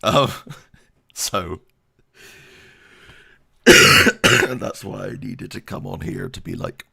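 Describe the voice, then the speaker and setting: A man's voice: low voice, huge pitch swings, very slow, gravelly, long pauses, sharp tone, slightly rough. A man giving a casual channel update, rambling and self-deprecating, laughing often. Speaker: YouTube creator.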